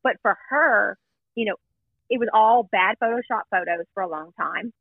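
A woman's voice: medium pitch, moderate pace, vocal fry, no echo. A woman guest in casual chat, blunt, chatty and self-deprecating as she tells a story. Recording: tinny phone-like line.

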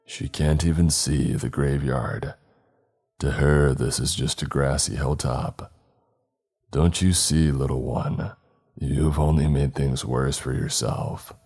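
Horror storybook: a man doing a cruel pale spirit, very deep, dark and raspy, sneering slowly. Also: steady tone, exaggerated voice. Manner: slow, low and menacing. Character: pale ancient female graveyard spirit, cruel and mocking.

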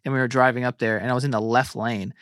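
Fast-talking swearing man telling stories. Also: medium pitch, clean tone, dry recording, studio quality. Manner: animated storytelling, heavy swearing. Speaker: guest co-host. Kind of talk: casual podcast chat.

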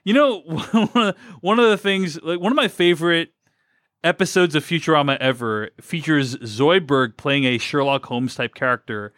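A man's voice: a little high, normal speed, fairly bright tone, no echo, clean studio sound. Chatty man rambling through a film review. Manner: rambling, many fillers and restarts. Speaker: podcast co-host. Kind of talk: casual film review chat.

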